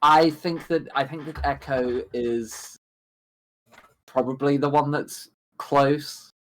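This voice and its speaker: A tabletop game player thinking aloud, with restarts and an animated delivery. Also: mid-range voice, takes it slowly, rough recording. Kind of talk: casual tabletop chat.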